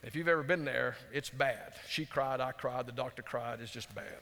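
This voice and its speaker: A man preaching a storytelling sermon in a folksy, conversational way, dropping to hushed tones for emphasis. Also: mid-range voice, normal speed, slight background noise. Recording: long hall reverb.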